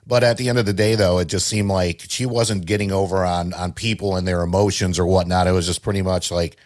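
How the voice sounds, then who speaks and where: A man's voice: sits low, steady tone, brisk. A man co-hosting a podcast, chatting loosely and laughing often. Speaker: podcast co-host. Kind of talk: casual chat.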